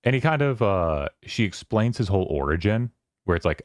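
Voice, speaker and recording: A man's voice: deep voice, expressive, a little fast, no room sound. A man hosting a casual book club discussion on a stream, rambling and paraphrasing scenes from the story.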